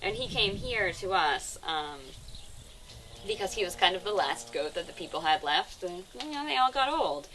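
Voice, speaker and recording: A woman's voice: fairly low pitch, lively intonation, moderate pace, crowd noise. A young woman guiding a casual outdoor sanctuary tour, talking loosely with lots of "um" and "like". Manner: chatty, full of fillers like "um" and "like". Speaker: animal sanctuary tour guide. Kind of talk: casual chat on a live virtual tour.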